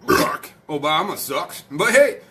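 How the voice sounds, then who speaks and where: A man's voice: fairly high pitch, big pitch swings, unhurried, noisy background. A man hosting a late-night live stream, rowdy, profane and joking, a little tipsy from beer.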